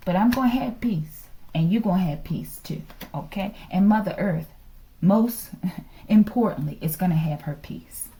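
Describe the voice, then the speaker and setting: A woman's voice: mid-range voice, expressive, normal speed, mellow. A woman reading tarot in a casual vlog, talking emphatically and often checking in with her listeners. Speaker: tarot reader.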